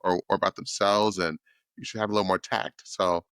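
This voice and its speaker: A man's voice: sits low, steady tone, brisk, a bit bright, clear, resonant tone, no echo. A male podcast host talking enthusiastically in a casual conversation, rambling and repeating himself.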